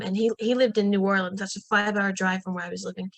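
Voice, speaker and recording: A young woman guest on a podcast, telling a personal story in a lively, casual way and acting out what people said. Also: fast talker, hardly any pauses, dry recording. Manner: lively, acts out quoted voices in a higher pitch; frequent fillers and restarts.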